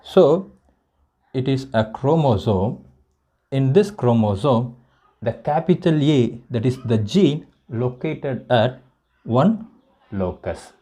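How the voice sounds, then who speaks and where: A man with an Indian English accent, teaching a biology lesson and slowly repeating each point as if for dictation. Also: mid-range voice, lively intonation, mellow. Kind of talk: classroom lecture.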